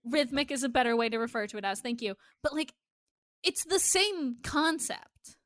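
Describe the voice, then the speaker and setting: A woman's voice: sits high, moderate pace. A woman co-hosting a podcast, joking bluntly and swearing freely in casual chat. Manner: blunt, profane, animated banter. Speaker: podcast co-host.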